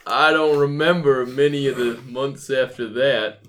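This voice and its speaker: A man's voice: mid-range voice, steady tone, measured pace, a little hiss or hum. A man playing in a tabletop role-play game, joking and laughing half in character as a punch-drunk boxer. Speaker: player.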